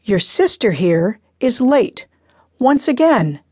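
A woman's voice: on the high side, big pitch swings, slow, a little mellow, slightly rough, no room sound, clean studio sound, pitched above the performer's own voice, full character voice. A woman reading as a stern, firm father. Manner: firm, insistent. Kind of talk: audiobook character reading.

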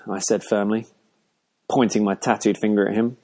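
Male narrator, scripted first-person narration, low pitch, measured, dry. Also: level tone, darkish tone. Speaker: audiobook narrator.

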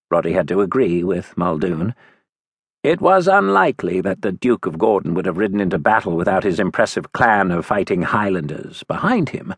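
A man narrating a romance audiobook in measured scripted storytelling on a close studio mic. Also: low-pitched, very animated, slightly rough, dry recording.

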